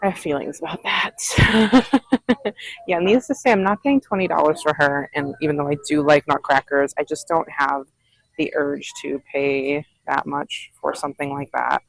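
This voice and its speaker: Chatty vocal-fry thrift vlogger. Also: medium pitch, fairly even intonation, moderate pace, no echo, rough recording. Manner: chatty, giggly, musing aloud over prices. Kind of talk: casual shopping vlog chat. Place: thrift store, indoors.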